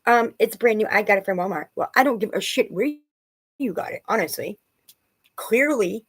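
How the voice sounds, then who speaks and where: A woman's voice: medium pitch, breathy edge, poor audio. A woman who is a mother, rambling and agitated as she tells a personal story in a vlog. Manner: rambling and agitated, quoting others.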